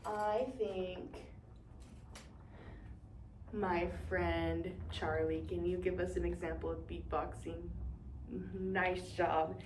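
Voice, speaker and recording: Speaking slowly with long pauses, this young woman has a fairly low, slightly mellow voice and fairly even intonation. She acts as a bright, encouraging teacher running call-and-response for a pretend class in a demonstration lesson. The mic sits at a distance in an echoey room, with slight background noise.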